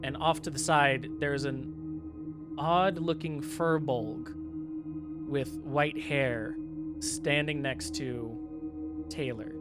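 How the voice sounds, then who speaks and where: A man's voice: on the high side, steady tone, very slow, long pauses, loud music behind the voice. A man narrating as dungeon master in a casual, filler-heavy way. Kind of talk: narrating a tabletop game.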